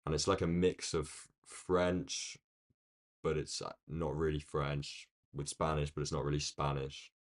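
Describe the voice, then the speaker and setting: A man with a London accent chatting casually on a live stream, rambling along and answering viewers' comments from a quiet room. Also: extremely low pitch, level tone, a little slow. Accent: London English. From United Kingdom. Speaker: day-trading live streamer.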